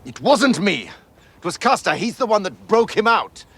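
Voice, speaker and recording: Gravelly nervous villain, slow halting excuses, lively swings in pitch, TV series clip. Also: male voice, heavily acted. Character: nervous middle-aged male villain reporting failure. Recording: clip from a TV series, faint background.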